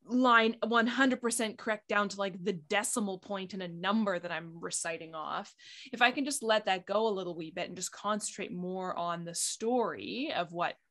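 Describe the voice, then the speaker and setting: A woman's voice: mid-range voice, moderate pace. A woman hosting an interview podcast, chatting casually and expressively about her own acting. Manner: lively, expressive, self-described performative. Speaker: podcast host, actor.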